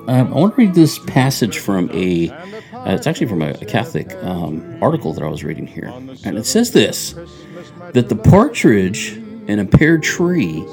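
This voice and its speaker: A man co-hosting a faith podcast from a church radio studio, chatty and upbeat, sometimes reading passages aloud. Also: fairly low pitch. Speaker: podcast co-host. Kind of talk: casual radio chat.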